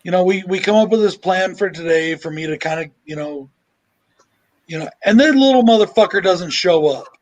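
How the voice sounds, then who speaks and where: A man with a high, light voice sits on a casual livestream video call, swearing freely and venting in long, worked-up stories. He sounds like he is talking with friends. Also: a little fast, rough recording. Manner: profane, ranting. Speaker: livestream panelist. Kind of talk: casual group chat.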